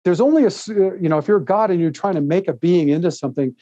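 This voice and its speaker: A man tells a long personal story as a podcast guest, rambling and animated, often laughing between thoughts. His voice sits a little higher than most men's but sounds mellow and warm. The recording is dry and slightly muffled. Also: fast, dry recording. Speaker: podcast guest, author and speaker. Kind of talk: casual interview storytelling.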